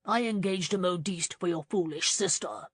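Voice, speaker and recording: A man's voice: high voice, normal speed, breathy edge, no echo. A woman voicing a corpulent, greedy uncle who bellows and blusters in an audiobook scene. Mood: shouting. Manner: loud, bellowing and defensive. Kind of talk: audiobook character reading.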